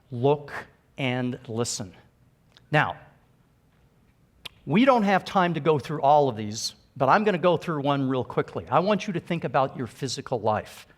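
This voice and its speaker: A middle-aged man speaking earnestly and emphatically as a conference speaker, giving a motivational keynote to a live audience. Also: fairly high pitch.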